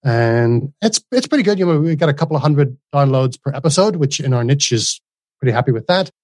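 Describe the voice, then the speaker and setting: A man in his forties with a softened Northern Irish accent blended with Australian, talking earnestly as an interview guest in long runs with frequent restarts. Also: mid-range voice, expressive, a little fast, no echo. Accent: softened Northern Irish, mixed with Australian. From Northern Ireland. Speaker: guest, course creator. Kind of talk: casual interview conversation.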